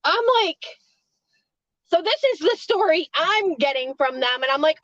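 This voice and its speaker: A woman's voice: high-pitched, expressive, measured pace, fairly bright tone, no echo, muffled recording. A woman who works a hotel front desk, telling a story casually, rambling, swearing freely and laughing between lines.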